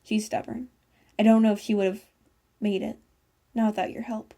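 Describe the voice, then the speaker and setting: A woman reading as a soft-spoken sorrowful boy. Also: mid-range voice, flat delivery, normal speed, vocal fry, lightly acted. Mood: gentle. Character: gentle, sorrowful young brother.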